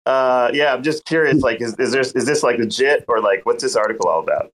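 A man's voice: medium pitch, brisk, a bit bright, slight background noise, low-quality recording. A man in casual chat, asking curious questions with hesitant restarts.

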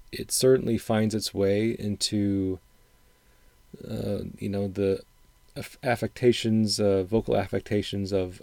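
A man's voice: on the low side, gravelly, dark tone, dry recording. A middle-aged man from Wisconsin with a faint upper Midwestern American accent, hosting a casual solo show and talking in a thoughtful, rambling way with frequent restarts. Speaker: podcast host reviewing songs.

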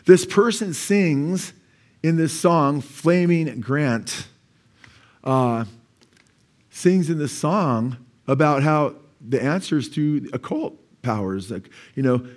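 Conversational man preaching a sermon. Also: on the high side. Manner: conversational, with quoted asides and frequent "amen". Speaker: pastor. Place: church.

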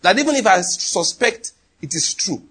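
A man with a Nigerian accent preaching a sermon, emphatic and animated, often acting out what people say. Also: high voice, moderate pace, breathy edge. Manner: animated, emphatic, slips into acted quotes.

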